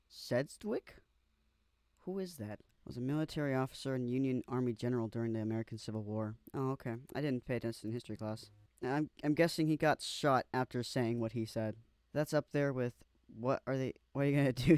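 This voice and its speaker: A man's voice: medium pitch, brisk, darkish tone, clean tone, no echo. Young man reading aloud, casual and slangy. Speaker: vlogger.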